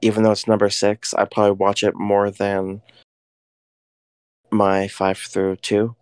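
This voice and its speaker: A man with a low voice co-hosts a podcast. He chimes in with short, agreeable remarks, and his recording is dry and close, with no room sound. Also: monotone, unhurried, clear, resonant tone, no echo. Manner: brief, agreeable interjections. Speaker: podcast co-host. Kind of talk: casual chat.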